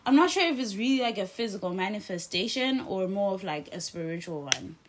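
A woman's voice: mid-range voice, expressive, fairly quick, noisy background. A woman co-hosting a casual podcast, talking in a laid-back, hesitant way full of fillers. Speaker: podcast co-host. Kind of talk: casual chat.

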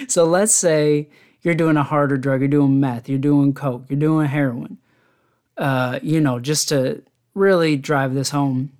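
A man hosting his own podcast alone, telling rambling stories in casual chat and often laughing at them. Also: fairly high pitch. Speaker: podcast host.

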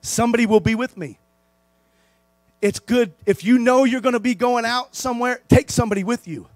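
A man preaching a sermon as pastor, calling for amens and swinging between hushed, low passages and loud, rising ones. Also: brisk, dry recording.

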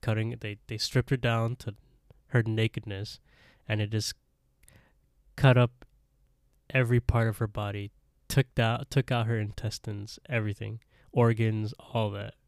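A man with a lowish voice recaps an episode for his podcast, telling it in an animated way and laughing often. The sound is dry and close, with no room around it. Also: a little slow, no echo. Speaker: podcast co-host. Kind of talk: casual chat recapping an anime episode.

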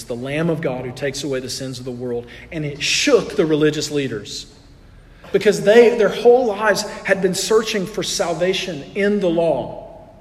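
A man preaching a sermon in an earnest way, building in intensity and then dropping soft. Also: a little high, long reverb tail.

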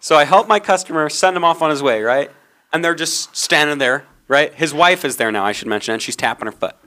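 A man's voice: fairly high pitch, lively intonation, a little fast, sharp tone. A young man co-hosting a casual podcast, rambling through a story and acting out what people said. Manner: rambling storyteller, acts out quoted dialogue. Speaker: podcast co-host.

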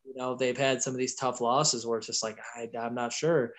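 A man's voice: medium pitch, steady tone, brisk. Guy stumbling a bit through his nfl picks on a live stream, laid back. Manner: hesitant, lots of restarts, wry. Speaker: podcast co-host. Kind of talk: casual sports prediction chat.

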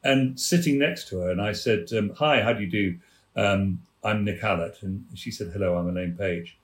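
A man from England, a former theatre manager, telling lively backstage anecdotes as a podcast guest and acting out the voices in his stories. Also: on the low side, normal speed. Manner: lively raconteur, acts out quoted voices. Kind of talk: anecdotal storytelling. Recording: roomy echo.

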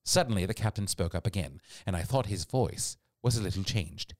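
Low-voiced man narrating expressively. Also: fairly quick, dry recording, clean studio sound. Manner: expressive storytelling read. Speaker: audiobook narrator. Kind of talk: scripted narration.

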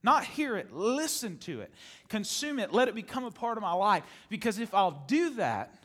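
A male pastor preaching a sermon to his congregation, animated, repeating phrases for emphasis and laughing often. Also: sits high, moderate pace. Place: church sanctuary with congregation.

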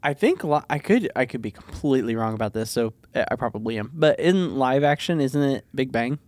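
A young man co-hosting a podcast, chatting casually with animated jokes. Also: medium pitch, brisk, no echo. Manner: animated, joking. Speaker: podcast co-host. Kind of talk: casual chat.

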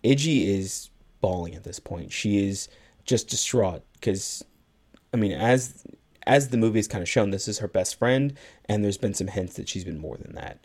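A man's voice: on the low side, animated, moderate pace, darkish tone. A man co-hosting a podcast, retelling a film's plot at length and acting out bits of its dialogue in casual chat. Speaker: podcast co-host. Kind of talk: casual movie recap chat.

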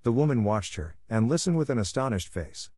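A man reading a classic children's story aloud as a narrator, in a measured, even way. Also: mid-range voice, husky, no room sound, clean studio sound. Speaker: audiobook narrator.

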